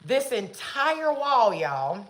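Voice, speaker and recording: A woman's voice: on the high side, very slow. A woman hosting a casual livestream from her family room, talking straight to viewers on a phone camera she carries around the room. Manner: animated, chatty, talks straight to viewers. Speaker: livestream host. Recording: echoey room with some noise.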